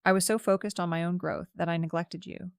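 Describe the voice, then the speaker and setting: A tired, dying husband speaks quietly in a storybook reading, as a woman reads his lines. His voice sits low and gravelly, and the sound is dry and close. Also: fairly even intonation, a little fast, dry recording. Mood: subdued. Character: sick, weary husband, adult man.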